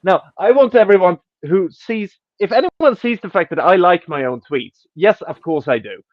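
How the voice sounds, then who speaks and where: In a casual podcast chat, a man reads out an online argument tweet by tweet, swearing and poking fun at it. He speaks in a high, animated voice at a measured pace. The audio is dry and dull, lo-fi quality.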